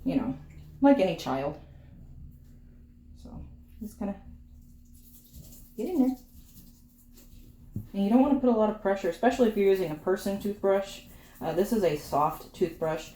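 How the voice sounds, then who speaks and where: A woman's voice: medium pitch, animated, moderate pace, long pauses, warm tone. A woman casually chatting while grooming her dogs at home, teasing the dog and talking to viewers, sweaty from the work. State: sweaty from the effort. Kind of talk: casual chat while working. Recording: echoey room with faint clipper hum.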